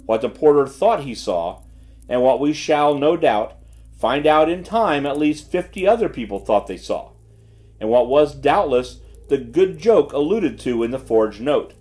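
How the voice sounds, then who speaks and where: A man voicing a shrewd gentleman detective who speaks quietly and with calm assurance. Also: medium pitch, close to an everyday voice. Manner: quiet, measured, self-assured.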